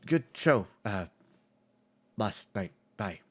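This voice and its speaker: A shy, awkward young man stumbles over his words, trailing off and restarting, as a man voices him. He speaks in a low, lively voice that stays close to an ordinary tone, the nervous side character of a tabletop game. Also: takes it slowly, slightly rough, full character voice. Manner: stammering, hesitant. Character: timid, shy young man caught skipping class.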